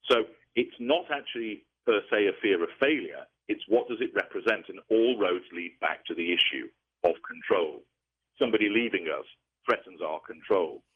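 A man explaining things in a measured, lecturing way during an interview, heard over a tinny phone-like line. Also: on the low side, slightly rough. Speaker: interview guest.

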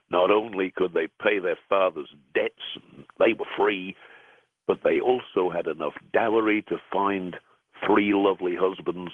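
Deep-voiced man telling a story down a phone line. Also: husky, no echo. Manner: warm, animated storyteller. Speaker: radio guest, storyteller. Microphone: telephone.

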